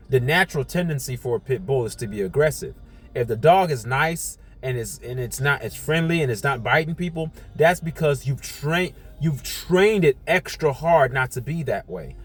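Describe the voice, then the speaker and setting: A man with a mid-range voice talks straight to his audience in a loose, unscripted monologue. He is blunt and heated, and he swears freely. Faint music plays under him. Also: medium pitch. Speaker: commentator. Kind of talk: casual opinion monologue.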